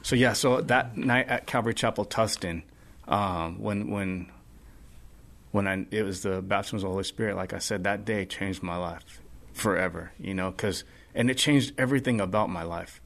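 Earnest low-voiced man. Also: moderate pace, creaky, a bit bright. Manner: earnest, rambling with many fillers. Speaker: podcast guest. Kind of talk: casual testimony chat.

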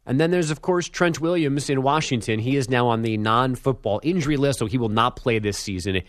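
A man's voice: mid-range voice, brisk, dry recording. A man hosting a sports talk show, reading out news items and making dry, sarcastic remarks.

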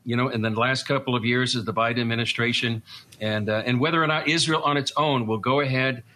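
Boston guy talking it through, bright tone, lots of uhs and restarts. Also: mid-range voice, fairly even intonation, quick pace. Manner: earnest, explanatory, with frequent fillers and restarts. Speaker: guest commentator. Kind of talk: conversational discussion.

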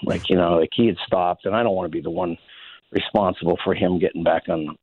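Ex-hockey man, low voice, rambling anecdotes, phone-quality, dry sound. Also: steady tone, a little fast, husky, no echo. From Saskatchewan, Canada. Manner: rambling, many restarts, chuckles through stories. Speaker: interview guest, former hockey player. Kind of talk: casual anecdotal storytelling. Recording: phone-like narrow band, dry.

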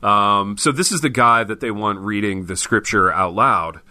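A man's voice: lowish voice, normal speed, bright, forceful tone, no echo. A man co-hosting a podcast, telling stories in loose, joking banter and calling everyone "dude.". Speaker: podcast co-host.

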